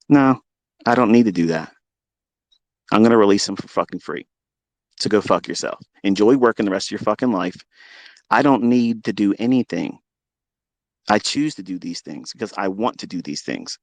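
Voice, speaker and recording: A man's voice: medium pitch, no echo. Profane, combative man ranting. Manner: profane, confrontational, boastful. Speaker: trading mentor hosting a live audio room. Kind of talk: unscripted live audio rant.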